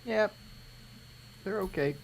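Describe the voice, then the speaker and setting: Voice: medium pitch, takes it slowly, vocal fry, rough recording. A live stream co-host bantering casually during a miniature-painting session, joking and laughing often.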